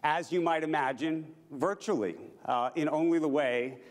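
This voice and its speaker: A man's voice: fairly high pitch, moderate pace, long reverb tail. A man hosting a live stage interview, talking in a conversational way with frequent fillers. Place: conference stage before an audience.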